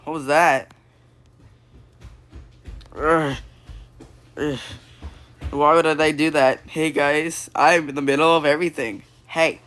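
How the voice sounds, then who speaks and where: A man improvising a goofy VR puppet comedy, excitable and silly, breaking into sudden squeals. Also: fairly high pitch. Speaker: puppet show creator.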